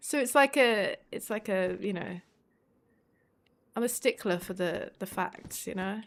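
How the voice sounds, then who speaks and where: A woman's voice: mid-range voice, slow, long pauses, a little hiss or hum. A woman from the English Midlands with a Midlands accent, chatting casually on her live stream, swearing freely and laughing often.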